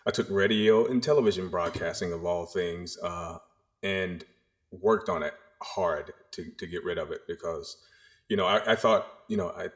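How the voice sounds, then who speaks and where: Deep-voiced man, Southern roots, rambling storyteller. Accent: faint Southern American. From the Carolinas, US South. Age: middle-aged. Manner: rambling, animated storyteller with many restarts. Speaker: podcast guest. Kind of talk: casual interview chat.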